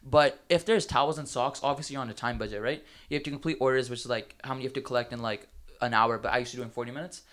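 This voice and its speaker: A man's voice: medium pitch, fairly even intonation, rapid-fire, fairly bright tone. A teenage man on a casual podcast, telling a long story in a rambling way with lots of filler words. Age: teens. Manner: rambling, many fillers and restarts.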